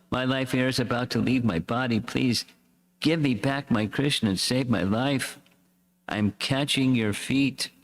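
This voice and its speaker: A man voicing a distraught, pleading mother. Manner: tearful, imploring, pitch lifted when crying out. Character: distraught pleading mother, middle-aged woman. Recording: echoey hall reverb.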